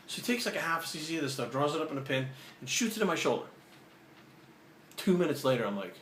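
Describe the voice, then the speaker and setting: A man's voice: fairly high pitch, fast. A man hosting his own video channel, telling a story in casual, profane speech and acting out the dialogue. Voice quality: profane, animated, acts out the dialogue. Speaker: vlogger. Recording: roomy echo, faint ambient noise.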